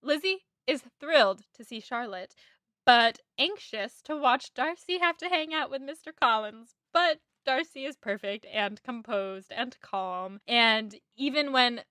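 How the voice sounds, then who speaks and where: A woman's voice: a little high, expressive, measured pace, sharp tone, no room sound, clean studio sound. A woman co-hosting a casual book-club podcast, giggling, sighing and gushing as she recaps the chapters. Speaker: podcast co-host.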